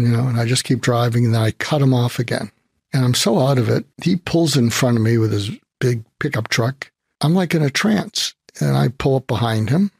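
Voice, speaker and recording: Older man, gravelly, husky, animated storytelling, interview guest. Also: mid-range voice, dry recording, studio quality. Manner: animated anecdote teller, acts out his own lines. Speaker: psychiatrist guest.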